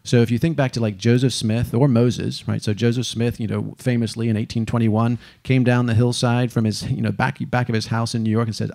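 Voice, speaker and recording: A man giving a lively stage talk, animated and casual, cursing now and then and acting out the people he quotes. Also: mid-range voice, quick pace, gravelly, few pauses. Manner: animated, swearing, acts out quotes. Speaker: speaker.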